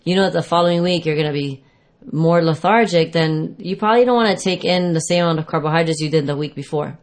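A woman's voice: sits low, fast talker. A woman fitness trainer giving casual advice on food and exercise, rambling and correcting herself as she explains.

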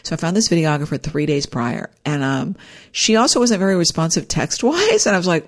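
A woman casually telling a personal story, animated and rambling, with frequent restarts. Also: lowish voice, a little fast. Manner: animated, acts out quoted dialogue.

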